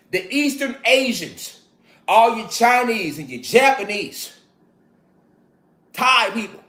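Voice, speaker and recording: A man's voice: extremely high pitch, fairly bright tone. A man giving a profane, preachy lecture to his viewers, full of repeated call-and-response asides. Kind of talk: street-style lecture to viewers.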